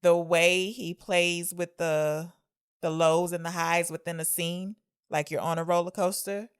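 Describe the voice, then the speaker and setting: A woman co-hosting a podcast, recapping a film in a chatty way and cutting in with quick questions and teasing asides. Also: fairly low pitch, level tone, clean tone. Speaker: podcast co-host. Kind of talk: casual film discussion.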